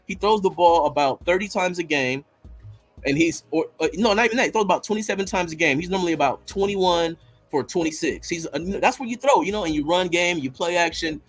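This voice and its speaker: A man's voice: sits high, fairly quick, faint music behind. Fired-up, cursing man ranting. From Los Angeles area. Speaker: guest fan. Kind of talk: heated fan podcast rant.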